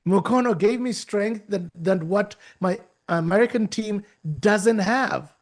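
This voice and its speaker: A man's voice: high voice, a little slow. A man giving an emphatic, preacherly motivational talk to young people, often restarting and repeating words. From Uganda. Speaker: guest speaker and author.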